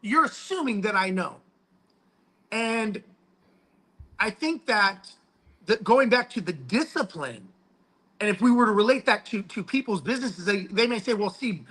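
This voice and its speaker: A man with a high, bright voice talks casually, with plenty of swearing. He tells stories emphatically and acts out the back-and-forth with his mentor. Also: animated, a little slow, pauses often, rough recording. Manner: profane, storytelling. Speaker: guest speaker. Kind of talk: casual chat.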